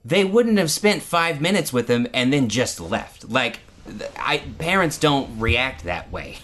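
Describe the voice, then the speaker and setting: Animated man arguing a point. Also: medium pitch, unhurried. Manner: animated, argues his point with acted-out quotes. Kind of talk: casual movie discussion.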